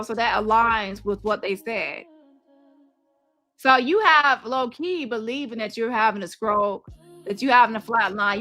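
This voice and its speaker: A woman hosting a commentary stream, her voice sitting a little high and sounding bright and sharp. She talks heatedly and keeps doubling back on words as she piles up one accusation after another. Faint music plays underneath. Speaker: host. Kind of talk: casual commentary to camera.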